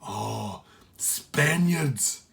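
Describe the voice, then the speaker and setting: A man's voice: mid-range voice, animated, very slow, vocal fry, fairly bright tone, heavily acted. A man voicing a limping Jamaican pirate with a Jamaican accent, who asks blunt, puzzled questions. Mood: dismissive.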